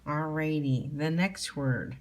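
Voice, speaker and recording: A woman's voice: low voice, slow pace. A middle-aged woman teacher leading a phonics spelling lesson for young children at home, patiently sounding out letters and words.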